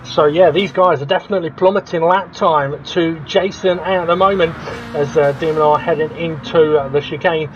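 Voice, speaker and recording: Man, race commentator, excitable, laughs a lot, fairly high voice, dull lo-fi sound, noise behind. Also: normal speed, over music. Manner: excitable, laughs often, rises sharply at incidents. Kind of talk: sim racing commentary. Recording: dull lo-fi audio with clear background noise.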